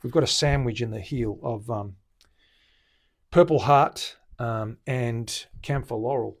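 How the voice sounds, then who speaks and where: Speaking unhurriedly at medium pitch, a man with an Australian accent runs a live-stream demo in his guitar shop. The luthier stays relaxed and chatty, talking through each step while he works.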